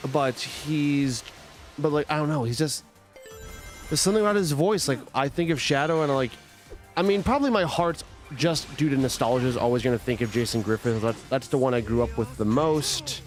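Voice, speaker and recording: With soft music in the background, a young gaming streamer talks at a normal speed in an animated, medium-pitched voice. His casual chatter rambles along with lots of restarts and filler words as he plays.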